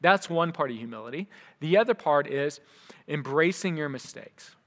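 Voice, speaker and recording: A man's voice: fairly high pitch, expressive, normal speed, fairly bright tone. A man who is a pastor giving a conversational sermon to his church, acting out the voices of people in his stories. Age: young adult to middle-aged; father of a young son. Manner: conversational, acts out quoted voices. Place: church hall. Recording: long hall reverb.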